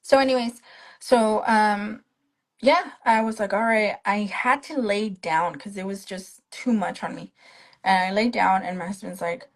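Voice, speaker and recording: A woman's voice: mid-range voice, measured pace, rough recording. A young woman speaking as a guest on a live stream, casually telling her own story and acting out the lines of the people in it. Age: young adult. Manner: animated retelling that acts out the other people's quoted lines. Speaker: guest, stroke survivor. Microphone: phone on a live video stream.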